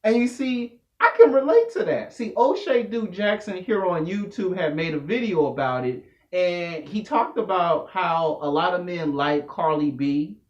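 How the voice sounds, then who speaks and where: Man, comedic vlog rant, profane slangy storytelling, higher pitch, dull lo-fi sound. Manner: loud, animated, slangy storytelling. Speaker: vlogger. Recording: echoey room, dull lo-fi audio.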